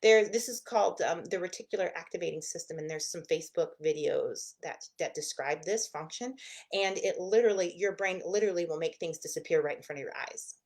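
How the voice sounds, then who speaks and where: A woman therapist teaching in a casual, expressive way, acting out the inner voices of the mind in quick asides. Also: fairly low pitch.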